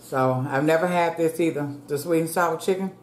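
A woman's voice: low-pitched, moderate pace, darkish tone. A middle-aged woman chatting folksily with her viewers while eating lunch on camera, casual eating-show talk. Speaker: mukbang vlogger. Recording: echoey room with faint background hum.

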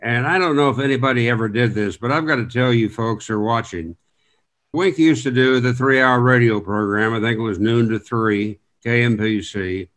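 A man hosting an interview in a relaxed conversational way, praising his guest and asking about his career. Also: mid-range voice, moderate pace. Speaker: interview host, former sportscaster.

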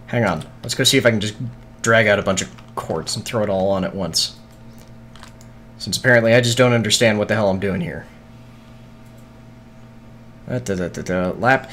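While streaming a video game, a man mutters to himself in scattered, casual chatter, swearing often and hiccuping. His voice is on the low side and a bit bright, with slight background noise.

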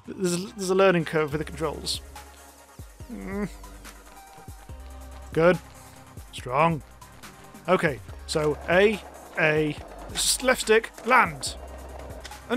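Male let's-player, high bright voice, panicky and self-mocking. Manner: frantic swearing, self-mocking. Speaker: gamer. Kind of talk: let's play commentary. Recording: faint music behind. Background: game music.

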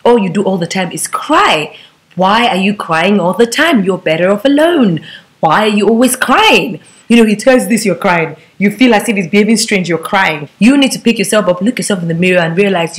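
A woman's voice: mid-range voice, lively intonation, brisk. A young woman talking straight to camera, giving relationship advice in a sassy, preachy way full of rhetorical questions. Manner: bobs her head while talking. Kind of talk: direct-to-camera advice monologue.

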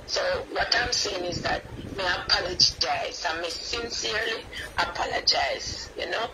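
A woman with a Jamaican accent calling in, speaking hesitantly and apologetically with many pauses. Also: medium pitch, over loud music, rough recording. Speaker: caller.

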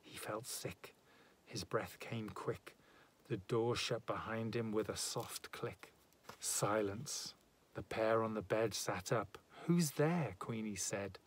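A man's voice: fairly low pitch, fairly even intonation, breathy edge. A man giving a dramatic, rhythmic reading of a rhyming narrative poem. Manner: measured, rhythmic verse delivery. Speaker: poetry reader.

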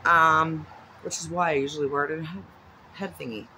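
A woman's voice: low voice, fairly even intonation, a little fast, noisy background. A woman vlogging at home in a casual, chatty way, rambling off into asides. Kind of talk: casual chat. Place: at home with her dog nearby.

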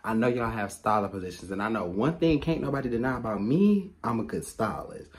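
A young man, talking casually to his viewers in a vlog from a car, excitable and swearing freely. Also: fairly low pitch, a little fast. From Michigan. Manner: chatty, excitable, keeps addressing viewers as y'all, swears freely. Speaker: vlogger and stylist.

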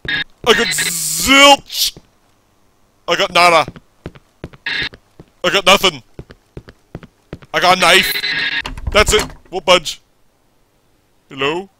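A man giving chatty gameplay commentary, joking back at the game and yelling in panicked bursts when he is attacked. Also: high voice, slow, long pauses, slight background noise. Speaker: let's play gamer.

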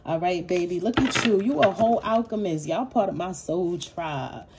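A woman's voice: fairly low pitch, animated, normal speed, background noise. A woman giving a casual tarot reading, speaking straight to her viewers with street slang, swearing and loose, rambling asides. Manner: addresses viewers directly and affectionately. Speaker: tarot reader.

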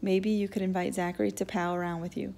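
A woman voicing a kindly, soft-spoken male sheriff who questions a boy gently and awkwardly. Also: medium pitch, little pitch movement, fast talker, gravelly, close to an everyday voice.

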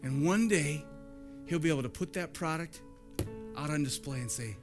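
A man's voice: fairly high pitch, moderate pace, over music. A man preaching a sermon as pastor in a church, conversational and storytelling, repeating lines for emphasis.

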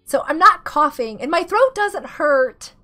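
A woman in her thirties, sick with a rough throat, chatting casually and giggling as she greets viewers during a game stream. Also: high voice, lively intonation, measured pace, bright, forceful tone. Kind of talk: casual live-stream chat while gaming. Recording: faint music behind the voice.

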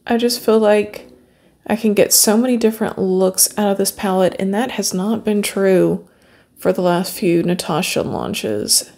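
A woman's voice: mid-range voice, measured pace, warm tone. A woman beauty vlogger talking viewers through a makeup tutorial in a chatty, upbeat way, often calling them friends.

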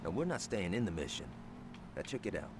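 An actor playing a restless, crude male gangster sidekick in a video game, talking in rough street slang. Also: sits low, big pitch swings, a little fast, noisy background. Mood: explaining.

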